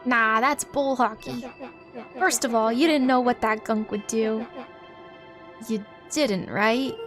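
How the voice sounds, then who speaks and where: A woman doing a gruff sarcastic boy. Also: a little high, slow pace, pitched above the performer's own voice. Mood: scoffing. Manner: gruff and mocking, folksy insults. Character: tough, sarcastic, bored young boy. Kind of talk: voicing game characters on stream. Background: background music.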